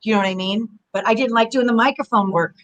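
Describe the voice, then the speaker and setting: A middle-aged former wrestler from Southern California talks fast in a slightly high voice as a guest on a video-call interview. The chat is casual, and she's an animated storyteller who rambles through her stories. The recording is rough.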